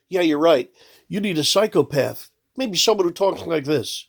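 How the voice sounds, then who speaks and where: Gravelly guy ranting, sarcastic and blunt, kinda high voice. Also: sing-song, a little fast. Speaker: political commentator. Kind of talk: ranting monologue.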